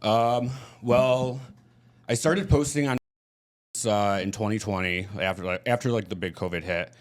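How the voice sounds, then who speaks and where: Low-voiced Midwestern man, chatty guest. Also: unhurried. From Michigan. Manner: candid, chatty storytelling. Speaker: podcast guest. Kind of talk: casual chat.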